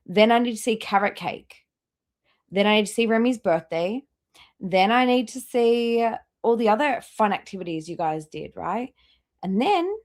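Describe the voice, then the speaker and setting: A woman hosting a live stream, mocking and swearing as she comments on clips in a casual, blunt way. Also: medium pitch. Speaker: livestream host reacting to clips.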